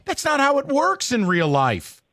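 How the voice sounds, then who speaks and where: A man's voice: very high-pitched, wildly swooping pitch, unhurried, pushed and bright. A man hosting a sports talk radio show, ranting heatedly and taking calls.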